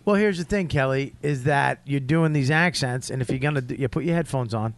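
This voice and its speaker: A man's voice: medium pitch, brisk. A man hosting a comedy podcast, ranting emphatically and swearing while critiquing a set. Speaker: podcast host.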